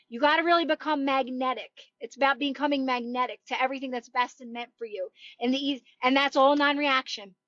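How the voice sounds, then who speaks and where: A woman chatting on a livestream as a manifestation coach, speaking in a high voice with an earnest, encouraging manner and frequent repeats. The sound is dry and close, with dull lo-fi audio. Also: a bit bright, no echo. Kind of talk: livestream chat.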